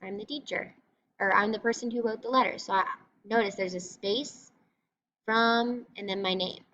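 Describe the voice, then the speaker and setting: A woman teacher delivers a recorded classroom reading lesson, explaining patiently and encouragingly step by step. Her voice is medium-pitched and sharp, with a steady tone at normal speed. Expect a slightly dull lo-fi recording carrying faint noise.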